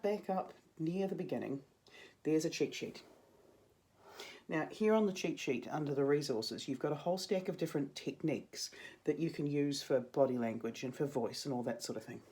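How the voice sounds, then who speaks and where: A woman's voice: sits low, warm tone. A young adult woman, a drama teacher giving a chatty video lesson to her students with jokey asides.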